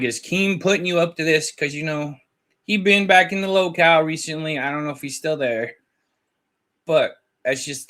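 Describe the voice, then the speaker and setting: A man's voice: mid-range voice, sharp tone. A man hosting a casual commentary video, chatting and laughing as he retells online drama and quotes both sides of a chat. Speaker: commentary channel host.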